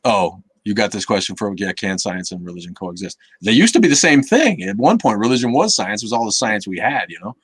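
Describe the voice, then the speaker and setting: A man's voice: fairly low pitch, sing-song, brisk, hardly any pauses, slightly rough, no room sound. A man hosting a live Q&A stream in casual chat, rambling and cursing, with many restarts and fillers, reading chat comments aloud.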